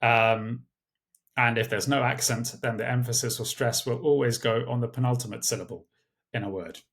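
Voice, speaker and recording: A man giving a recorded exam tutorial, speaking in a measured way with many uh and um fillers. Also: mid-range voice, steady tone, fairly bright tone. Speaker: language tutor. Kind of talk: screen-share exam tutorial.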